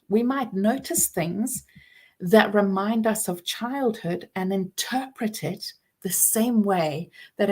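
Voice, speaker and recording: Earnest, reflective woman in her forties. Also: mid-range voice. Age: 40s. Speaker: speaker on trauma and healing. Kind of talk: personal talk to camera.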